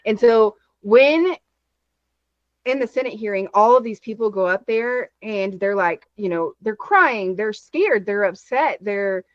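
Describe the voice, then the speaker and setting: A woman from Texas chatting as a guest, telling stories in an animated, rapid way over a video call. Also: medium pitch, dry recording, muffled recording. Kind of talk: casual chat.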